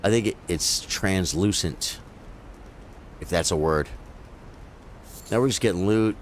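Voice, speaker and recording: A man's voice: low-pitched, a little slow, a little hiss or hum. A man giving casual live commentary as he plays a video game, talking to his viewers as bro and folks. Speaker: gaming streamer.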